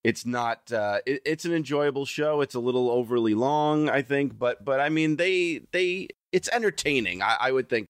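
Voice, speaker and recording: A man co-hosting a podcast in casual chat, measured and agreeable, often restarting his sentences. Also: medium pitch, no room sound, studio quality. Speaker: podcast co-host.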